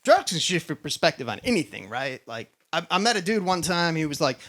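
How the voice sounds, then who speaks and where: A man's voice: a little high, lively intonation, fairly quick, few pauses, a bit bright. Male stand-up, casual cursing delivery, light-toned, live venue with faint noise. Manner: profane, conversational, does mock voices of others. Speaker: stand-up comedian. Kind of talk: stand-up set.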